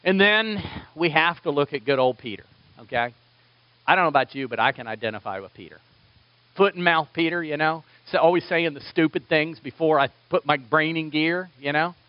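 High-voiced male pastor, lively, chatty, self-deprecating sermon, dry and slightly muffled. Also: fairly quick, dry recording. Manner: animated, conversational, self-deprecating.

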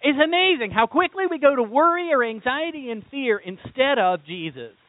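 A man preaching a sermon as pastor, animated and throwing rhetorical questions at his congregation. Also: very high voice, moderate pace, dry recording. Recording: tinny phone-like sound.

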